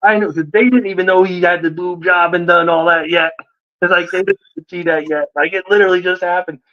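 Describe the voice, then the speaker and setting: Man, casual storyteller, acts out voices, slightly high pitch, muffled lo-fi recording. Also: fairly quick. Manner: animated, acts out quoted voices. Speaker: guest.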